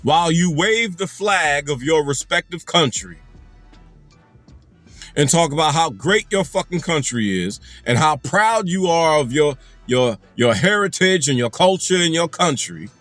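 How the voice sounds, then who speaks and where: A man's voice: a little high, expressive, a little slow, a bit bright, no echo, soft background music. A man delivering an angry, profane commentary rant, hammering his points with repetition. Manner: angry, emphatic, heavy profanity, repeats phrases for emphasis. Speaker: commentary channel host.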